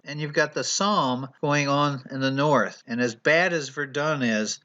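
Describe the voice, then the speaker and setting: A man lecturing a history class in a conversational way, reading numbers off his slides and stopping to correct himself. His voice is fairly high and bright. The recording is muffled and lo-fi. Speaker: history teacher.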